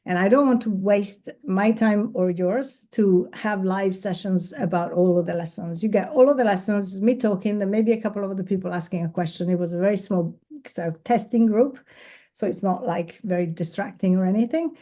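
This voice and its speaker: At an event space, a professional photographer gives a casual presentation and takes questions, chatty and enthusiastic and quick to laugh. Her voice is mid-range and warm, at a moderate pace.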